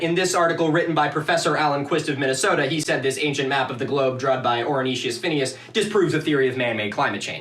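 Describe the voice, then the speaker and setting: A man's voice: medium pitch, fairly bright tone. A young man hosting a video, giving sarcastic, exasperated commentary and swearing often. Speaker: video host. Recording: echoey room, distant mic.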